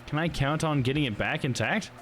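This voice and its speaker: A man's voice: on the high side, fairly quick, a bit bright, faint music behind, voice pushed up, close to an everyday voice. A man reading the part of an earnest young male defense attorney with wry comebacks. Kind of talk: reading game dialogue on a livestream.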